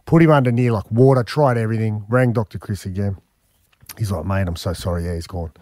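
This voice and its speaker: A man's voice: fairly low pitch, fairly quick, no echo. A man in his forties with an Australian accent, a radio host telling a long personal story in casual chat, full of "mate" and "man" fillers. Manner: animated, emphatic, frequent "man" and "mate" fillers.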